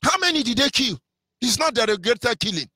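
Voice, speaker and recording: A man's voice: extremely high pitch, sing-song, a little fast, pushed and bright, no echo, studio quality. A man with a Nigerian accent giving an impassioned live radio monologue, scornful and mocking, slipping into Igbo phrases. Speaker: radio broadcaster.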